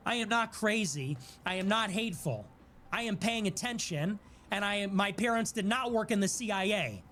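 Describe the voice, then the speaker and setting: A man from Chicago hosts a political livestream in a high, very animated voice. He talks with indignant sarcasm and sudden defiant bursts. A faint hiss sits under the recording. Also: moderate pace. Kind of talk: impassioned political monologue.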